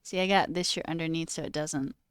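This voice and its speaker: A woman's voice: sits low, steady tone, fairly quick, clean tone, dry recording, studio quality. A young woman hosting a livestream in casual chat, talking freely with frequent laughs and plenty of "okay" and "all right". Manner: chatty, laughs often, says okay and all right a lot. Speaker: livestream host.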